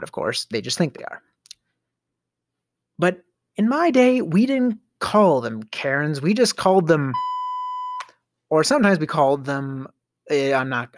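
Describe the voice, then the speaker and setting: A man's voice: mid-range voice, no room sound, clean studio sound. A middle-aged man hosting a podcast, telling a storytelling rant in a theatrical way, with sighs, stammers and sudden whispers. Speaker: podcast host.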